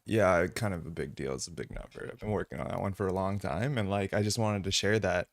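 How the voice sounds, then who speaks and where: A man's voice: sits low, a little fast, gravelly, no room sound. A man from Canada hosting a live stream, chatting casually and answering viewers in chat. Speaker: streamer host.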